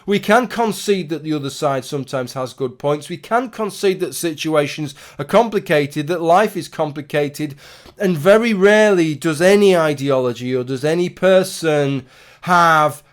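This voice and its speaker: A man's voice: on the high side, normal speed. A man in his thirties talking casually to camera in a rambling, opinionated way, with restarts and the odd swear word. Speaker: YouTuber. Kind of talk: casual talking-head commentary.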